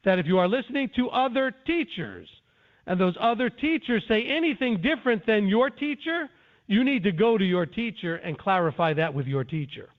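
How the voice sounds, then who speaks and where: A man's voice: high-pitched, expressive, moderate pace. A man teaching scripture in an earnest, defensive lecturing way, with frequent restarts. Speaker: Bible teacher. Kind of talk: conference-call teaching. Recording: tinny phone line.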